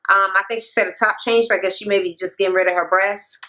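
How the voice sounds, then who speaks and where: A woman's voice: medium pitch, fairly even intonation, quick pace, sharp tone. A young woman giving a casual, profane recap rant on a reality show, blunt and full of filler words. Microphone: camera mic.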